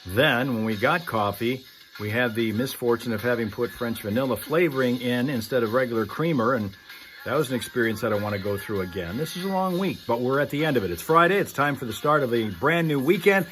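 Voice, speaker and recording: A man's voice: medium pitch, lively intonation, brisk, a bit bright, soft background music. A man hosting a live stream, signing off in a folksy, chatty, rambling way. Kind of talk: casual sign-off of a live stream.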